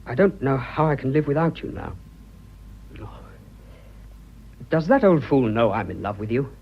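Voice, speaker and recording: A man's voice: mid-range voice, sing-song, moderate pace, a little hiss or hum. A flustered young businessman in love. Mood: earnest, flustered. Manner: stammering, impassioned, clipped upper-class British. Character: young male businessman, earnest, flustered lover. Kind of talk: radio drama acting. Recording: dull lo-fi radio drama.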